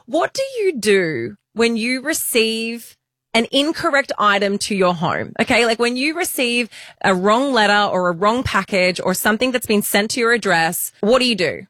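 A woman's voice: on the high side, animated, normal speed, a bit bright, no room sound, studio quality. A woman in her thirties co-hosting a podcast, chatty and self-mocking, with lots of filler words. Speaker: podcast co-host. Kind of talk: casual chat.

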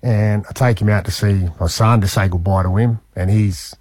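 Husky man spinning a yarn. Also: lowish voice, normal speed, no room sound. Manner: animated, slangy, acts out quotes. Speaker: radio host. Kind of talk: casual storytelling on radio.

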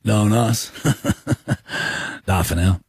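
A man's voice: on the low side, extremely slow, a little mellow, husky, dry recording, clean studio sound. A young man with an Australian accent, hosting a radio show with teasing, joking banter. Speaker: radio host. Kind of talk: casual on-air banter.

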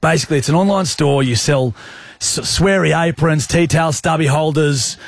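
A man's voice: fairly high pitch, moderate pace, creaky, husky, no room sound. An Australian man hosting a radio show, bantering and teasing his co-host with a jokey manner. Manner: jokey, teasing, laughs often. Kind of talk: casual banter on breakfast radio. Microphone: studio microphone.

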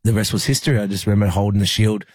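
A young Australian man, a rugby league player, telling a personal story in an interview, halting with many fillers and restarts. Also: on the low side, a little mellow, slightly rough, no echo.

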